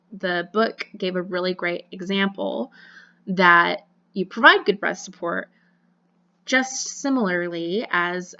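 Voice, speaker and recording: A woman's voice: fairly low pitch, vocal fry, pushed and bright, muffled recording. Chatty young woman teaching a class. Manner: casual, chatty, many fillers and self-corrections. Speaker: college voice and diction instructor. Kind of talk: recorded online lecture.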